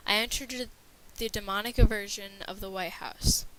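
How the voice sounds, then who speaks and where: A woman's voice: medium pitch, fairly even intonation, normal speed, a bit bright, a little hiss or hum, low-quality recording. A woman narrating a scripted horror story with a dramatic reading manner.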